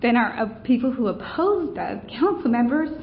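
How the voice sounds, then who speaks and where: A woman's voice: on the high side, animated, normal speed, slight background noise. Woman giving a talk w/ slides, lots of ums, echoey room, kinda muffled sound. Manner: conversational storytelling, many fillers. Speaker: advocacy campaign presenter. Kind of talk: conference presentation with slides. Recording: roomy, dull room recording.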